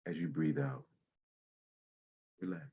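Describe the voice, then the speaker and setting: A man leading a guided breathing meditation, speaking slowly and soothingly with long pauses. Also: a bass voice, steady tone, slightly rough, muffled recording.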